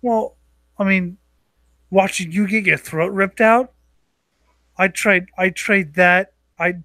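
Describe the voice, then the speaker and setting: A young man co-hosting a podcast, bantering crudely, profane and teasing, quick to laugh. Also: high-pitched, fairly even intonation, bright, forceful tone, no echo. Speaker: podcast co-host.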